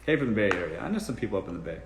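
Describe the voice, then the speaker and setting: A man with a Southern drawl hosts a relaxed live Q&A from home. His advice comes out blunt and salty, full of swearing and teasing. The room around him rings with a noticeable echo. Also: fairly low pitch, very fast, noisy background. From South Carolina. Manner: blunt, profane, joking. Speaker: live-stream host answering dating questions. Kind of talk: casual live-stream Q&A.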